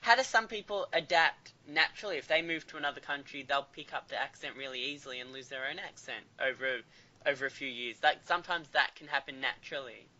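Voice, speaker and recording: Male interviewer, bright forward tone, fairly high voice, muffled recording. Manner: curious, quick to laugh. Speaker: interview host. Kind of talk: casual interview. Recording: slightly muffled interview audio.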